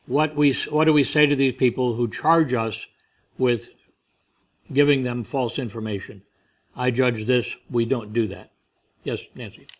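A male Bible teacher working through a passage verse by verse at an unhurried, measured pace. He lingers on key phrases and unpacks the Greek behind them, with an occasional throat-clear. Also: medium pitch, fairly even intonation. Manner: deliberate, explains Greek words, stresses key phrases.

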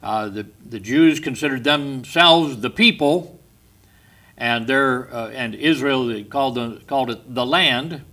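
Male Bible teacher, bright and forceful tone, explanatory lecture delivery that stresses key words. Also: medium pitch, measured pace.

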